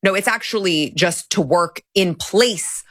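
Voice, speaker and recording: Animated woman commentary host. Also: lowish voice, dry recording. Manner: animated and incredulous, with quick repeats. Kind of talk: casual commentary.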